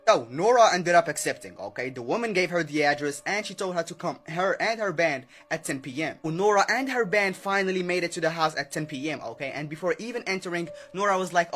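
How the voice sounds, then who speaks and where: A casual male storyteller with a fairly high voice, chatting directly to the listener and padding lines with fillers. His delivery is loose and conversational. Faint music plays underneath. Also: animated, fast talker, hardly any pauses, a bit bright.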